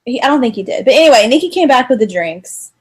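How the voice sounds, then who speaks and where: A woman co-hosting a podcast tells a story in casual conversation, animatedly acting out what people said. She speaks quickly in a high voice with a breathy edge.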